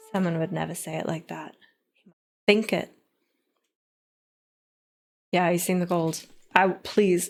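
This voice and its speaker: A woman's voice: fairly high pitch, measured pace, long pauses. A woman casting a strategy game live on stream, playful and teasing, with frequent giggles.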